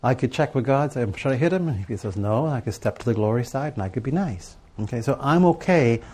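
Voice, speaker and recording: A man's voice: medium pitch, a little fast, darkish tone, slightly rough. A middle-aged man giving a sermon to a live audience, telling stories and asking rhetorical questions in a conversational way. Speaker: preacher teaching on prayer and journaling.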